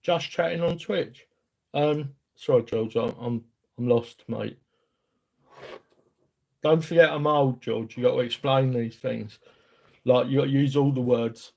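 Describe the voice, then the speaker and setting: A man's voice: mid-range voice, fairly even intonation, a little slow, gravelly, pauses often, a little mellow. A middle-aged man with a London accent chatting casually to his live-stream viewers as he works at a bench, rambling and self-deprecating. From England. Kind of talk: casual live-stream chat while working on a workbench.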